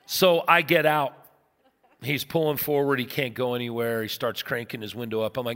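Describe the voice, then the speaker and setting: Animated pastor preaching in a big hall. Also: male voice, mid-range voice, moderate pace. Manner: animated storyteller, acts out voices. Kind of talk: sermon with storytelling. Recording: long reverb in a large hall.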